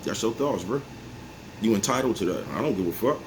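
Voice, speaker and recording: A man's voice: lowish voice, lively intonation, brisk. A man in his forties talking to his viewers in a casual, rambling monologue, laughing to himself and often asking whether they follow him. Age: 40s. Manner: laid-back, repeats "you know what I'm talking about", chuckles often. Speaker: vlogger. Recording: faint background noise.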